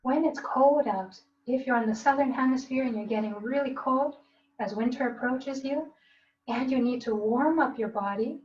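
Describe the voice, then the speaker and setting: A woman's voice: high-pitched, normal speed. Woman instructor guiding a breathing lesson, roomy. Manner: calm, coaching, demonstrates gasps and laughs. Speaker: tai chi instructor. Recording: roomy, distant, dull, faint hiss.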